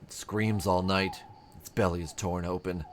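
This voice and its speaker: A man voicing a drugged, desperate sea captain who speaks in halting, broken bursts of rage. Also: sits low, level tone, a little hiss or hum, close to an everyday voice. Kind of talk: game character voicing.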